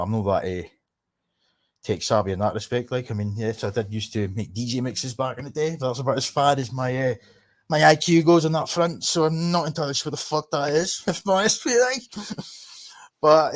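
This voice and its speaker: A man with a Scottish Highland accent hosting a livestream, talking casually in a sweary, sarcastic, rambling way. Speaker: livestream host. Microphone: computer microphone.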